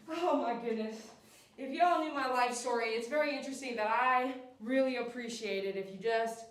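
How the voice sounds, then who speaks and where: A woman's voice: on the high side, normal speed, far from the mic, slight background noise. Coaxing woman in an echoey room. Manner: soothing, coaxing, repeats herself to the dog. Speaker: dog groomer. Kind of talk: casual talk while grooming a dog. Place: grooming room.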